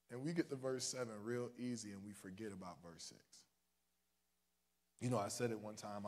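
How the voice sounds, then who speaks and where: A male minister preaching a livestreamed sermon in a casual, joking way, swinging from soft asides to loud, high cries. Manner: casual and joking between points.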